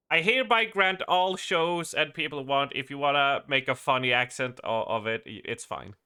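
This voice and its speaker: Bright-voiced Swedish man streaming games. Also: medium pitch, measured pace, clear, resonant tone. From Sweden. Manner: laughs often, swears, rambling restarts. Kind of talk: casual live gaming stream chat.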